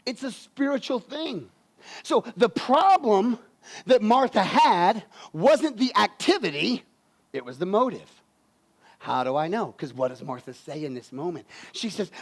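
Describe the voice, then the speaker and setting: A man preaching a lively, folksy sermon as pastor, swinging from loud bursts to quiet, low emphasis.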